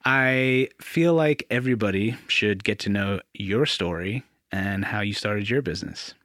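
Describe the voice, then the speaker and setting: A man hosting a podcast, welcoming a longtime friend and asking relaxed, friendly questions. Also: lowish voice, measured pace, dry recording, studio quality. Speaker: podcast host. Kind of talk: casual interview.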